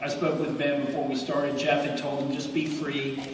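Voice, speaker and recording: A man's voice: mid-range voice, little pitch movement, moderate pace. Man on a panel in a long-reverb hall. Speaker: actor on a convention panel. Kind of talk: panel talk. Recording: distant mic in a reverberant hall, noise.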